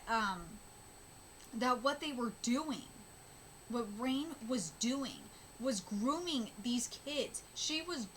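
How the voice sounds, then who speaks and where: A woman hosting a live manga reaction, rambling, emotional and repeating herself, over loud background noise. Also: fairly high pitch.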